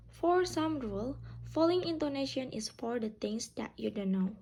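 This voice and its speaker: A woman teaching pronunciation, explaining slowly and modeling example phrases with exaggerated rises and falls. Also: high voice, animated, mellow. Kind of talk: slow, careful classroom explanation.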